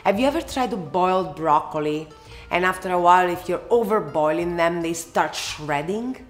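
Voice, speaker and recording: A woman's voice: lowish voice, normal speed, faint music behind. Italian woman hosting a cooking lesson. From Italy. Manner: expressive and emphatic, lingers on words. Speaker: cooking show host. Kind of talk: casual cooking tutorial with Q&A.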